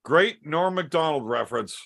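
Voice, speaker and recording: Guy with a bouncy higher voice throwing crude jabs at his buddies, swearing a lot. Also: lively intonation, creaky, a bit bright. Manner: teasing, crude, quick. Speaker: podcast co-host. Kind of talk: casual chat over beers.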